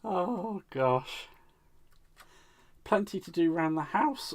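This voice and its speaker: A man's voice: fairly high pitch, very animated, takes it slowly, pauses often. Chatty man crafting live. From United Kingdom. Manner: chatty and playful, talks to himself and viewers with giggles and silly repeated words. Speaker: craft channel host. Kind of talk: casual live crafting chat.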